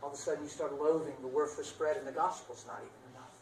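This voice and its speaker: A man preaching in a church hall, his voice carrying a touch high for a man. He swings from loud bursts to hushed lines and laughs at himself now and then. He is picked up from a distance in a roomy space, with faint ambience behind him. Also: steady tone, fast, a little hiss or hum. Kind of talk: sermon.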